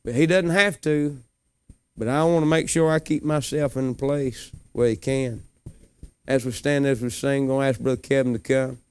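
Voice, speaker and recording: A man preaching a sermon in a folksy way, swinging from low murmurs to high, loud cries. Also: steady tone, moderate pace, clean tone. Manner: folksy, colloquial phrasing.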